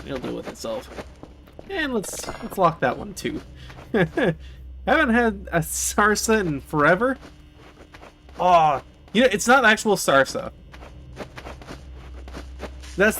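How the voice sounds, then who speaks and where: High, lively-voiced excitable man streaming. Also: slight background noise. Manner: chatty and excitable, swears often. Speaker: game streamer. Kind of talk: casual live-stream chat while gaming.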